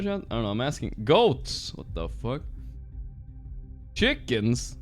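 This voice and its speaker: A man streaming a game, chatting casually with his viewers, swearing freely and reacting out loud. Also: medium pitch, big pitch swings, slow pace, faint music behind. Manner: swears freely, reacts loudly, talks to chat. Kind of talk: casual livestream chat while gaming.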